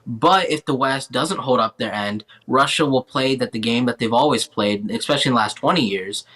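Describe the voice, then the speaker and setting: A man's voice: mid-range voice, a bit bright, slightly rough. A young man sits as a guest on a panel and argues a political view. His mid-range voice is earnest, and he stops often to correct himself. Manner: earnest, halting, self-correcting. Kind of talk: political opinion in a panel chat.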